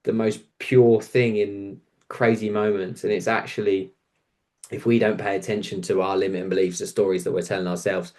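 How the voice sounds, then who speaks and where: A man, speaking as a podcast guest and telling stories in an earnest, unhurried way. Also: on the low side, level tone, a little mellow. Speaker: guest, coach. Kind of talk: reflective conversation.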